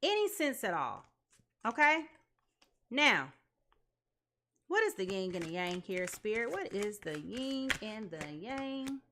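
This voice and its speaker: A woman giving a live tarot reading to her viewers, talking in an animated, dramatic way. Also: mid-range voice, slow pace, pauses often, slight background noise. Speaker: tarot reader.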